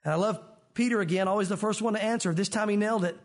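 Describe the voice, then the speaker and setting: A man's voice: high voice, rapid-fire. A man preaching a sermon, reading scripture aloud and adding conversational asides to the congregation. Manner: expository preaching, reads scripture aloud and acts out quotes with shifting voices. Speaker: pastor.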